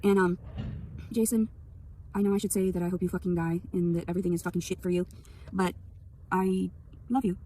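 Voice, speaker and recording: A young woman in a rambling, profane venting monologue, swinging between loud anger and quiet sadness, recorded on a phone. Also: on the low side, level tone, a little fast, long pauses, recorded from a distance, a little hiss or hum. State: sleepy.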